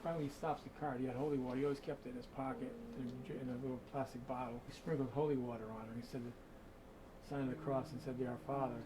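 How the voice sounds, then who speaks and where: A man's voice: mid-range voice, level tone, fast talker, noisy background. A man telling a creepy story in a conversational, dramatic way, full of asides, while guiding people through a museum room. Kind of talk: spooky storytelling.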